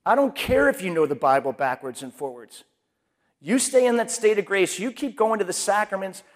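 A man's voice: high-pitched, lively intonation, moderate pace. A man preaching a sermon in a conversational way, acting out people's inner voices.

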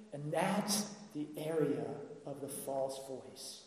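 A man's voice: medium pitch, slow pace, few pauses, a little mellow. Conversational male preacher in echoey hall. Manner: conversational, checks in with listeners often. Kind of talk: sermon. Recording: echoey hall with long reverb.

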